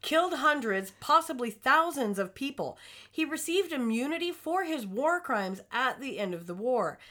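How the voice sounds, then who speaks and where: A woman's voice: high voice, sing-song, moderate pace, sharp tone. A woman co-hosting a casual podcast, bantering in a crude, profane way. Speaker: podcast co-host. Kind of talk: casual chat.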